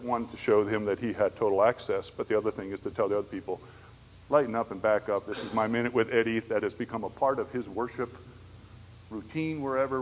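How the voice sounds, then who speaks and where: A man giving a conversational church conference lecture on disability ministry, telling stories and checking in with the audience. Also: mid-range voice. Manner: conversational, storytelling with frequent "right?" asides. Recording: echoey hall, faint background noise.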